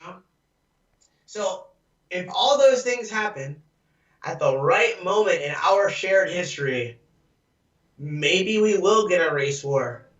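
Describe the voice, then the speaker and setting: A man's voice: high-pitched, expressive, takes it slowly, pauses often, fairly bright tone. A man co-hosting a casual podcast, rambling with lots of fillers and laughs over a video call. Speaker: podcast co-host. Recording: echoey, distant, lo-fi video call audio.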